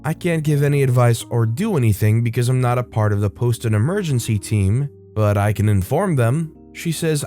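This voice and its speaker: A man's voice: mid-range voice, moderate pace, few pauses, mellow, faint music behind. A man reading a story aloud in scripted narration.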